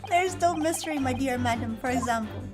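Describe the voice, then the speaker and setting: A woman's voice: high-pitched, brisk, music in the background, natural voice. A woman voicing an eccentric, pompous male detective, with a grandiose manner and a mangled mock foreign accent.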